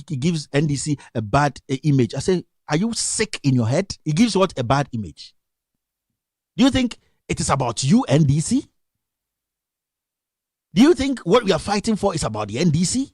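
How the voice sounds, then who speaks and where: A man's voice: high voice, a little mellow, no room sound, studio quality. A young Ghanaian man with a Ghanaian accent, delivering an impassioned political rant on a live stream and firing off scolding rhetorical questions. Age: young adult. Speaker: radio commentator.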